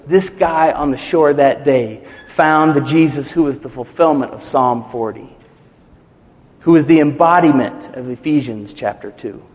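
Man preaching in an echoing hall. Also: mid-range voice. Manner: animated preaching, acting out quotes with swells and drops. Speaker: pastor. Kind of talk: sermon.

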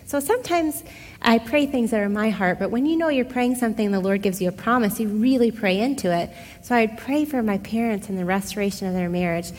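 A middle-aged woman telling a personal testimony in a casual, expressive way, speaking straight to her listeners. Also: medium pitch, brisk. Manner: conversational, expressive, addresses listeners directly. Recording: long hall reverb.

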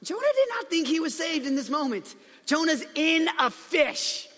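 A high-voiced man preaches a casual, storytelling sermon in a chatty way, full of playful asides. His voice is bright and sharp. It rings with a long reverb, as in a large hall. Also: sing-song, moderate pace.

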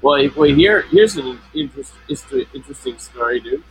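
A man's voice: a little high, animated, a little fast, slight background noise, poor audio. A man co-hosting a casual live stream, talking with many stops and restarts, his voice run through a flanger effect. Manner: hesitant, many restarts and fillers. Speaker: co-host. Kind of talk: casual chat.

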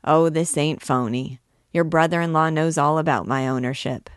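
A woman's voice: sits low, fairly even intonation, normal speed, clean tone, no echo, studio quality, lightly acted. A woman voicing a shifty small-town male swindler who talks in a confidential, wheedling way.

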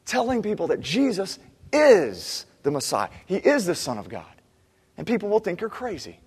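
A man preaching a sermon as pastor, animated, acting out cries of the people he describes. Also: high-pitched, normal speed, husky, in a large hall.

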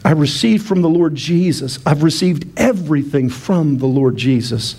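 A man's voice: a little high, expressive, moderate pace, a little mellow. A male pastor delivering a sermon, playful and self-mocking, calling for responses from the congregation and often restarting his sentences.

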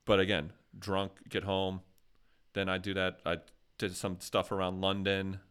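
A man's voice: low voice, completely flat delivery, a little slow, a bit bright, clear, resonant tone. An American man hosting a casual podcast chat, telling rambling, jokey stories. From USA. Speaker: podcast host.

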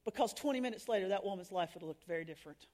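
A middle-aged woman telling stories in a sermon to women, animated and laughing at herself, acting out the people she quotes. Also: medium pitch, very fast. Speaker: women's ministry speaker.

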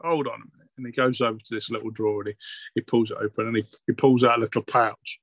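Man as game master, rambling and stopping for ums, describing scenes to his players, dry close sound with no room echo, ordinary middle male pitch, tabletop role-play session. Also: little pitch movement, fast. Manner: rambling, hesitant narration with many ums.

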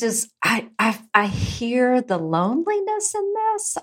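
Slow, low-voiced woman speaking reassuringly. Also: a bit bright, husky. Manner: slow, tender and reassuring, lingers on key phrases. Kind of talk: reflective spiritual conversation.

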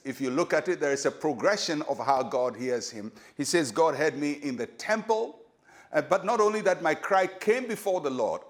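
An older Ghanaian pastor preaching a short devotional with measured emphasis, leaning hard on key phrases. His voice sits a little higher than most men's. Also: expressive. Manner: measured, emphatic preaching that slows for key lines and leads prayer.

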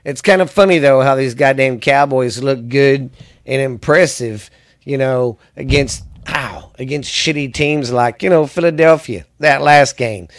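A man's voice: medium pitch, measured pace. A man hosting a sports podcast, ranting angrily and rambling with lots of cursing. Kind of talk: profane ranting commentary.

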